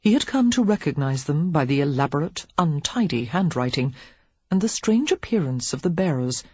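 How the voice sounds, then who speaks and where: Husky, dry-sounding audiobook narrator. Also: mid-range voice, dry recording. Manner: steady, measured storytelling. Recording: dull lo-fi audiobook recording.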